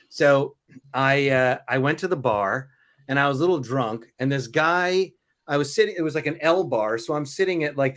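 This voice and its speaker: A man's voice: medium pitch, a bit bright. A man in casual podcast chat, telling a story and acting out the voices he quotes. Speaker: podcast co-host. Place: lives in Korea.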